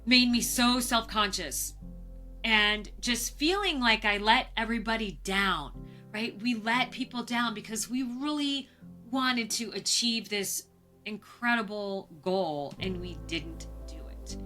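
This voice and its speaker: Brief: American woman explorer, middle-aged, bright and a bit high voice, lively storyteller. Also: unhurried, soft background music. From United States. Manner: vivid, acts out quoted moments. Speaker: guest, polar explorer. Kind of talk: storytelling interview.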